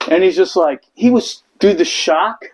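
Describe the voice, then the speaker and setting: A man's voice: high-pitched, measured pace, a little mellow, poor audio. A man, a Marine veteran, telling stories in a casual chat, profane and laughing through them.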